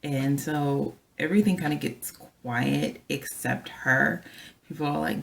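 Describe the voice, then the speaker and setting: A flight attendant, a woman, telling a story from work in a chatty, animated way and talking straight to her viewers. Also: low-pitched, a little slow, vocal fry. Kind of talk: casual storytelling vlog.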